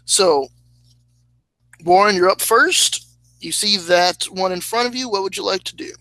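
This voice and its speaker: A man running a tabletop game as its game master, talking slowly with many hesitant fillers. His voice is bright and forward. The recording is close and dry, with no room sound. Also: high voice, no echo, low-quality recording. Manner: slow, hesitant, laughs at himself.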